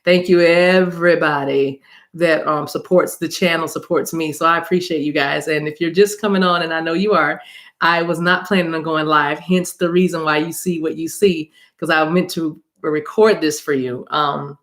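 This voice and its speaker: A woman's voice: deep voice, steady tone, normal speed, fairly bright tone. A woman hosting a spiritual reading livestream on her phone, chatting casually with viewers, laughing, and calling them y'all. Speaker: spiritual reader and channel host.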